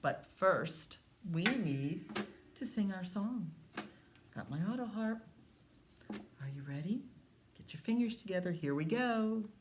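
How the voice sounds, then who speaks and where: Children's librarian, woman, slow and sing-song story-time delivery, lower voice that swoops a lot. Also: animated, noisy background.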